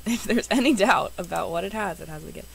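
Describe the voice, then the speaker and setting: A young woman, a gaming YouTuber, chatting excitedly to her viewers as she plays. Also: medium pitch, brisk, gravelly, a little hiss or hum, low-quality recording. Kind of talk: casual game commentary.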